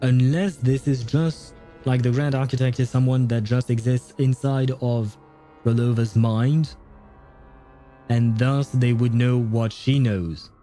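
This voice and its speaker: A man's voice: medium pitch, fairly even intonation, measured pace, warm tone, faint music behind. A man commenting on a game on a livestream, chatty and hesitant with frequent laughs. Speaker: livestream host. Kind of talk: gameplay commentary.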